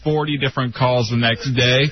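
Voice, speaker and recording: A man co-hosting a casual radio talk show, telling relaxed, amused anecdotes. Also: medium pitch, normal speed, dull audio. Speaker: radio co-host.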